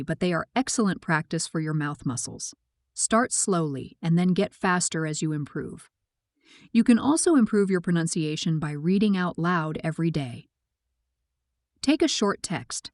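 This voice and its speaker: A woman narrating a scripted English pronunciation lesson, speaking slowly with clear, careful articulation. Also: lowish voice, expressive, no echo, studio quality. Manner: slow, clear, carefully articulated teaching delivery.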